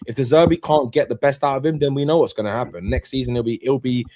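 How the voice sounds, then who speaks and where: A man's voice: mid-range voice, quick pace, warm tone, a little hiss or hum. A man on a casual football fan panel, talking hesitantly with many restarts and agreeing often. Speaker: guest panelist.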